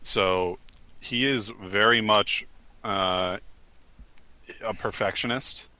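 A man's voice: on the low side, steady tone, slow, sharp tone, no echo. A man in casual chat as a podcast co-host, earnestly and emphatically recommending things. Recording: slightly dull, lo-fi mic.

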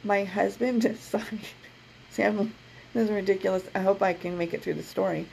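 Gravelly-voiced woman telling a story. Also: medium pitch, moderate pace, a little hiss or hum, poor audio. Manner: animated, laughs mid-story, acts out quotes. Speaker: podcast co-host. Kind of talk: casual storytelling chat. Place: her office.

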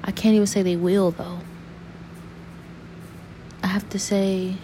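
A young woman talking to camera in an earnest, saddened personal monologue, halting and restarting as she searches for words. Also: medium pitch, level tone, dark tone, slight background noise. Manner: rambling, halting, full of restarts and fillers.

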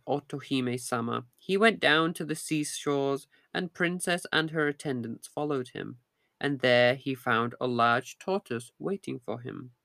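A man narrating a fairy tale in a steady, measured reading voice. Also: fairly high pitch, vocal fry, dry recording, studio quality. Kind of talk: storybook reading.

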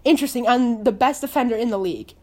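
A woman's voice: on the high side, quick pace, darkish tone. A woman giving an angry, swearing post-game rant as a sports fan, repeating words in exasperation. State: upset.

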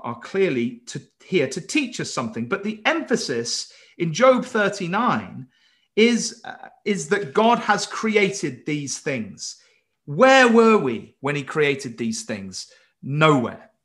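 A man's voice: fairly high pitch, a bit bright. A man preaching an earnest Bible-study sermon, emphatic and stumbling into restarts as he presses his points.

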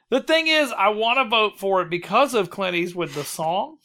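A man hosting a loose, casual podcast chat. His voice is bright and clear, and he rambles, laughs and swears freely as he runs the vote. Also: high-pitched, expressive, normal speed. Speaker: podcast host running a bracket vote.

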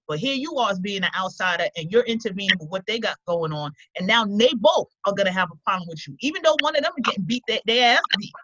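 A woman's voice: on the high side, sharp tone, a little hiss or hum. A woman co-hosting a podcast, talking bluntly and emphatically in casual slang. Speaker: podcast co-host. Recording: slightly dull lo-fi sound.

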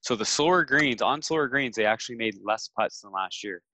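A man from Canada co-hosting a podcast, talking in a measured, stats-minded way in casual chat. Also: mid-range voice, expressive, sharp tone, dry recording. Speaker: podcast co-host.

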